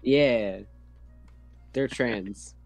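A man's voice: mid-range voice, very slow, no echo, soft background music. A man chatting on a voice call with friends, dropping dry, teasing remarks. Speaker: player on the call. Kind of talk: casual chat.

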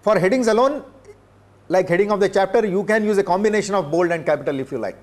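An older man from India, giving a classroom lecture in a measured way, pausing often with filler sounds. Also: sits high. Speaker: professor. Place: lecture room.

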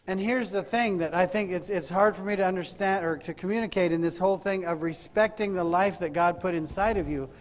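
A man's voice: sits high, fairly quick, few pauses, a little hiss or hum. A man preaching a sermon in a church, asking the congregation rhetorical questions and calling for amens. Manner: rhetorical questions, calls for amen. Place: church sanctuary. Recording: hall reverb.

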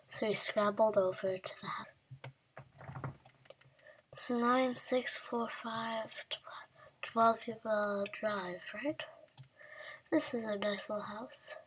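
A woman's voice: a little high, fairly even intonation, very slow, pauses often, slight background noise, low-quality recording. A woman improvising a children's story, often dropping to a whisper and stumbling over her words.

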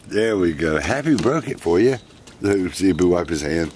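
A man's voice: deep voice, animated, a little slow, vocal fry, long pauses, noisy background. A man narrating casually, doting on and coaxing his pet monkeys. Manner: doting, coaxing, talks to the animals, chuckles often. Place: outdoors at a picnic.

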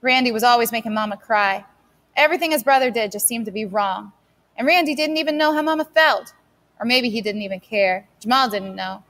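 A woman's voice: a little high, fairly quick, a bit bright. A woman steadily narrating a novel as an audiobook reader. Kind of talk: scripted narration.

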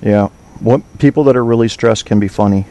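A man's voice: fairly low pitch, fairly quick, warm tone. A man hosting an online talk show, chatting casually with listeners, rambling, swearing and trailing off while he hunts for names. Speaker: podcast host.

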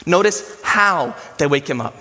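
Brief: male pastor, high voice, laid-back slangy sermon in a church with long hall reverb. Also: a little slow. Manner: casual, animated storytelling with slang.

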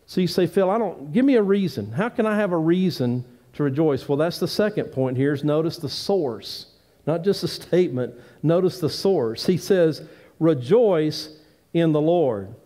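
Male pastor preaching a sunday sermon, kinda high voice but mellow, earnest, gets pleading then drops quiet. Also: lively intonation, moderate pace. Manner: earnest preaching with rising emphatic pleas and quieter asides. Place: church sanctuary.

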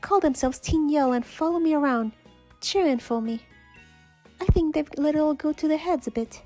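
A woman voicing a cool young female rival trainer in an attempted British accent, reading game dialogue aloud in a calm, apologetic way. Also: high-pitched, moderate pace, soft background music, voice pushed up, lightly acted.

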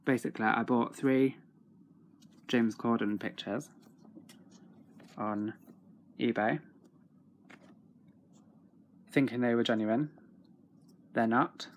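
Excitable, foul-mouthed young man. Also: medium pitch, slow pace, pauses often, slight background noise. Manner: excitable, swears freely. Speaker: autograph collector vlogger. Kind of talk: casual video diary.

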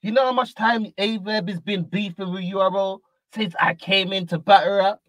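A man's voice: high voice, normal speed, no echo, rough recording. A man hosting a reaction show, commenting animatedly and calling out names in repeated bursts. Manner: animated, repetitive, calls out names. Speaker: host.

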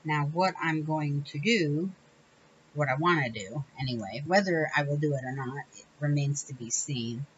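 This crafting channel host talks at a normal speed in a voice that sits low, captured on a muffled recording with slight background noise. Her casual tutorial chat rambles along, full of self-corrections and little laughs.

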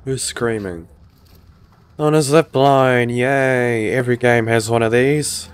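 A man's voice: mid-range voice, slow. A man, feeling a bit sick, giving casual, joking let's-play commentary and swearing often. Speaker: gaming YouTuber.

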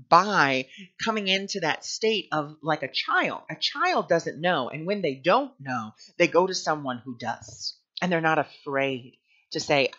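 Earnest bright-voiced man, lo-fi sound. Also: fairly high pitch. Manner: earnest, candid, personal. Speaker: spiritual teacher. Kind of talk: spiritual teaching monologue. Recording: dull lo-fi sound.

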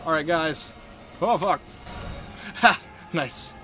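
A man giving casual gameplay commentary in an excitable, exclamatory way, swearing freely. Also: a little high, slow pace, faint music behind. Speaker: video game let's-player.

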